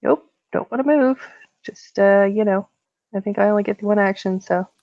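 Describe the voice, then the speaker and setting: A woman's voice: mid-range voice, moderate pace. A woman playing a tabletop game, hesitant with fillers, on a dull lo-fi mic. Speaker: player.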